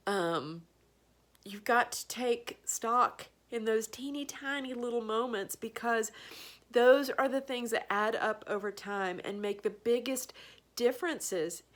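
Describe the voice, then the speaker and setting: A middle-aged woman telling a heartfelt story in a casual vlog, emotional, laughing and tearing up, acting out the voices of the people she quotes. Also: fairly high pitch. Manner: acts out voices in quoted lines. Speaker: vlogger sharing a school story.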